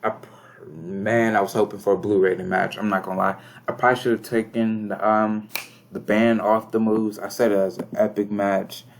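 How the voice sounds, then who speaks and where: A young man talks through a game in a relaxed, slangy way, often reading numbers and ratings aloud. His voice sits a little low. A faint background hum runs under the recording. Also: normal speed, creaky. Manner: laid-back, slangy, reads scores aloud. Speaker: gaming commentator. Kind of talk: casual game commentary.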